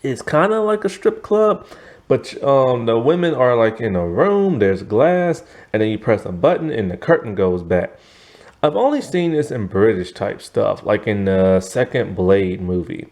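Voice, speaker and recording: A man's voice: mid-range voice, very animated, unhurried, a little mellow. A man giving a casual, rambling TV review, tired and yawning, full of asides and fillers. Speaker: TV show reviewer.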